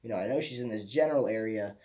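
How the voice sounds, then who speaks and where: A man's voice: on the low side, quick pace, dark tone. A young man from Michigan telling a rambling personal story as a vlogger, swearing casually and often repeating himself. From Michigan, USA.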